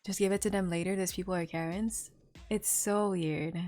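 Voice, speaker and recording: A young woman chats casually on stream, her voice sitting a little low. She tells stories in an animated way, full of filler words. Soft music plays faintly underneath. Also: moderate pace. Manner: animated storytelling with frequent laughs and filler words. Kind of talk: casual chat.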